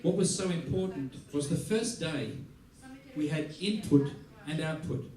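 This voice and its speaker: A man's voice: a little high, a little slow. A man with an Australian accent giving a masterclass talk, telling stories animatedly, acting out what people said and laughing often. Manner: animated storyteller, acts out quotes, laughs often. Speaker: musician teaching a masterclass. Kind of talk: anecdote-driven talk to an audience. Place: large theater hall. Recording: echoey hall, voice from far off.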